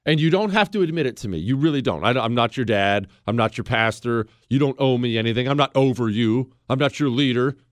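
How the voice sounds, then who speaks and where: A man's voice: mid-range voice, lively intonation, a little fast, hardly any pauses, no echo. A man hosting a political commentary show, delivering a sarcastic, combative monologue straight at the listener. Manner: mocks others with put-on quoting voices. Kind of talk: ranting monologue.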